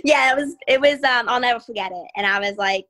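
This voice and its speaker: A young woman, a fighter being interviewed, tells her stories with animated energy and a steady stream of "like." Her voice sits a little high and sounds bright and sharp. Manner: animated, fast, full of "like" and laughter. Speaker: MMA fighter, guest. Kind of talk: casual storytelling interview.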